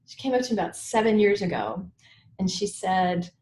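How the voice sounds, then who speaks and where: A woman coach, a guest expert in an interview, telling her story in an animated way with laughs. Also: medium pitch, normal speed, echoey room. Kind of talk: conversational interview.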